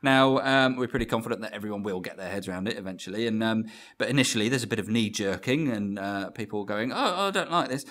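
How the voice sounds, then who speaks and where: A man's voice: fairly low pitch, quick pace, fairly bright tone. A man co-hosting a video game podcast, chatting casually with dry, self-deprecating humour. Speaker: podcast co-host.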